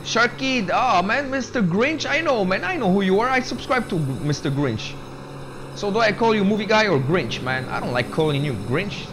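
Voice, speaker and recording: A man's voice: sits high, expressive, moderate pace. A young man gaming on a live stream, chatting casually with viewers and dropping "man" and "bro" into every sentence. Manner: laid-back, says "man" and "bro" constantly, reads chat aloud. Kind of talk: casual live-stream chat while playing. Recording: game engine noise behind the voice.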